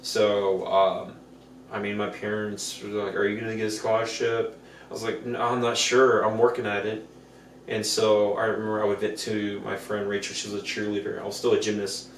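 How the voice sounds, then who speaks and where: A male podcast co-host tells stories in a casual, animated chat, putting on voices for the people he quotes. His pitch is fairly low and his pace moderate. The room sounds echoey, the mic is distant, and there's faint noise.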